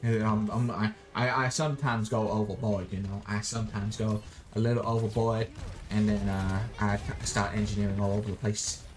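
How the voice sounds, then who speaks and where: A young Australian man with a lowish voice streams a game, chatting casually and clowning around with his viewers. He speaks at normal speed in a level tone, swearing, goofing off and singing robot noises.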